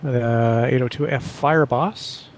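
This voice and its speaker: A man's voice: medium pitch, unhurried, slight background noise. A man on a group flight-sim session, chatting casually and listing details with frequent fillers. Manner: reels off details with many fillers. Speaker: player in a group flight stream. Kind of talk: casual gaming chat.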